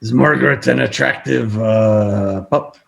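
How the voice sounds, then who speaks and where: A man's voice: on the low side, unhurried, creaky. A man playing a tabletop game, cracking jokes with the group. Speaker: player. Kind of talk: casual tabletop game chat.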